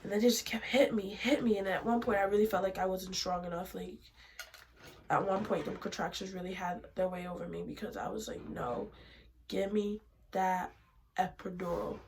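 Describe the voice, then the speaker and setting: A young woman vlogger telling a personal story in casual chat, animated, dropping to hushed asides and then bursting out loud. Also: mid-range voice, brisk, a little hiss or hum, poor audio.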